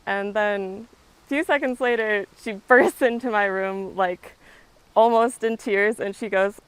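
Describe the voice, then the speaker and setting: A woman's voice: mid-range voice, measured pace, smooth, no echo. A young woman telling a story in a chatty way, with plenty of "like" and "um". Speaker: interviewee, resident. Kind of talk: casual recounting.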